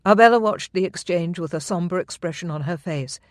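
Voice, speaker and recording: An audiobook narrator reading a historical romance in an even, steady storytelling manner. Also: mid-range voice, brisk, dry recording, clean studio sound.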